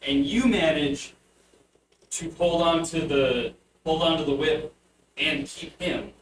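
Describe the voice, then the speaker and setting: A man narrates a tabletop game as game master, stopping, restarting and chuckling as he goes. His voice sits a little high. He sounds far from the mic in a reverberant room with noticeable background noise. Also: fairly even intonation. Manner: halting, restarts often, laughs through narration. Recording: echoey room, distant mic, noisy.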